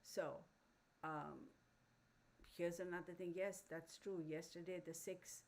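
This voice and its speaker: A woman's voice: on the low side, steady tone, takes it slowly, darkish tone, low-quality recording. A woman hosting a live stream, ranting bluntly and heatedly to her viewers, with heavy cursing and many fillers and restarts. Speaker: channel host.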